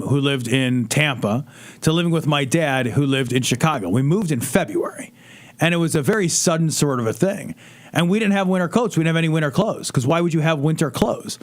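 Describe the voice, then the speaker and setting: A man's voice: fairly high pitch, expressive, fairly quick. A man co-hosting a casual livestream, rambling through stories and jokes. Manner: rambling, storytelling, joking. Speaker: podcast co-host.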